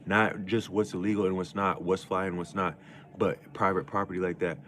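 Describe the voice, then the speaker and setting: A man's voice: sits low, steady tone, brisk, fairly bright tone, slight background noise. A man talking to his chat in a casual livestream monologue, rambling and slangy, with many restarts.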